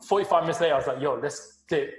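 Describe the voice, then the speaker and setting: A man co-hosting a podcast, telling a story in a casual, animated way with frequent laughs and swearing. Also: a little high, rapid-fire. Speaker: podcast co-host. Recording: roomy echo.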